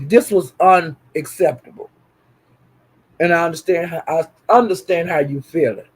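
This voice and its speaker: A man talks straight to his viewers in a casual, profane livestream rant. He circles back on the same phrases again and again, swinging between fired-up declarations and lower, steadier reassurance. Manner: animated, profane, repeats phrases for emphasis. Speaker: online commentator.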